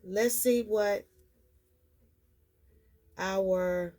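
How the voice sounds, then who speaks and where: A woman giving a spiritual card reading to her viewers, repeating her reassurances in an unhurried, soothing way. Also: medium pitch, fairly even intonation, dark tone. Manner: slow, repetitive, reassuring delivery. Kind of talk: tarot-style card reading vlog.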